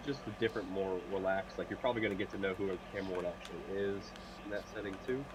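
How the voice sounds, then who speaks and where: A man's voice: sits low, steady tone, fast, noisy background. Man with a stuffy nasal voice. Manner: rambling, thinks aloud with fillers. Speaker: podcast co-host. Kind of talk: casual mock draft chat.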